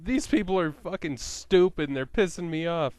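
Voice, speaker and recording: Man playing teenage boy, whiny, swearing, slightly higher voice, smooth, dry sound. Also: moderate pace, a little mellow, no room sound, close to an everyday voice. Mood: fed up. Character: teenage boy, exasperated nephew.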